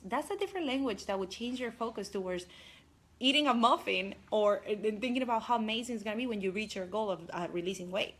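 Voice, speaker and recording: A young woman life coach giving an energetic, chatty motivational talk on a live stream, speaking straight to her viewers. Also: medium pitch, brisk.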